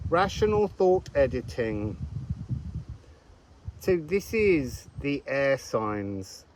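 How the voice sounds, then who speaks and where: A man's voice: mid-range voice, big pitch swings, drawn-out words, slight background noise, poor audio. A man giving a casual, meandering astrology and card reading outdoors, thinking aloud as he goes.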